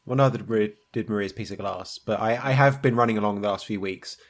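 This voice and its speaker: A man's voice: fairly low pitch, fast talker. A man co-hosting a podcast, chatting in a rambling, easygoing way. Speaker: podcast co-host. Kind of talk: casual chat.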